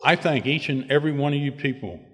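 A man's voice: mid-range voice, fast talker, a bit bright, in a large hall. An older man giving a personal recovery testimony at a meeting, rambling with many "you know"s and rising to emphatic bursts.

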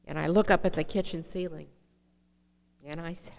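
A middle-aged woman speaks in a somewhat low voice, sharing her own recovery story as testimony. She talks earnestly and directly, often turning to the audience with questions. Her voice rings with the long reverb of a hall. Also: steady tone, normal speed, mellow. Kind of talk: personal testimony talk.

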